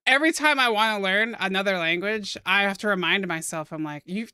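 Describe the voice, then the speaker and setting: A young American woman streaming while she draws, chatting casually with her viewers in a soft-spoken, giggly way. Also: medium pitch, lively intonation, normal speed, smooth, dry recording, clean studio sound. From United States.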